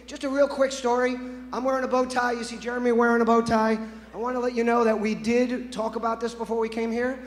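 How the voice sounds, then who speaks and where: A man in his fifties with a notably high voice tells playful stories to a conference crowd and keeps talking straight to the listeners. His voice rings with the long echo of a big conference hall. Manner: playful, anecdotal, addresses the audience directly. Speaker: conference presenter. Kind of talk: storytelling keynote talk. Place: conference stage.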